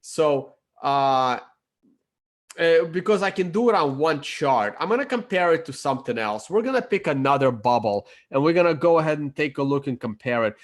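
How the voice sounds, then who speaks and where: A man talking casually through market charts on his screen, halting with fillers and self-corrections, his voice a little worn and croaky. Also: fairly high pitch, expressive. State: losing his voice, clearing his throat. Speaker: crypto chart analyst.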